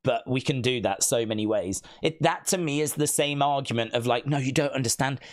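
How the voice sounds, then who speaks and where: A man's voice: mid-range voice, a little fast. A man hosting a live stream, chatting casually and rambling through fillers and restarts.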